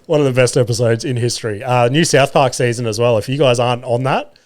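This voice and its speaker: A man in his thirties with an Australian accent hosts a podcast from a home room, telling wry, profane stories in casual comedic chat full of filler and acted-out quotes. His voice is medium-pitched, steady, brisk, and darkish in tone.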